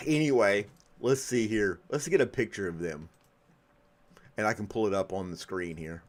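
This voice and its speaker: A man's voice: lowish voice, normal speed. A man hosting a podcast in casual chat, often breaking into laughter. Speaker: podcast host.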